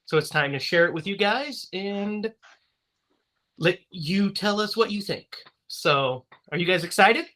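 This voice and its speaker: Upbeat male podcast host, bright voice, casual chat, laughs easily. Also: sits high, lively intonation, unhurried.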